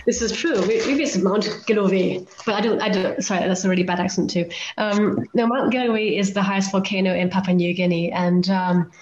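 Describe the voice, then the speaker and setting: A woman's voice: mid-range voice, steady tone, a little fast, few pauses, a little mellow, a little hiss or hum. A woman guest on a podcast telling her travel stories in a chatty, self-deprecating way and acting out the lines people said to her. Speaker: guest author and volcano climber. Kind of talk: anecdotal storytelling in a podcast interview. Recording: roomy, slightly dull remote audio.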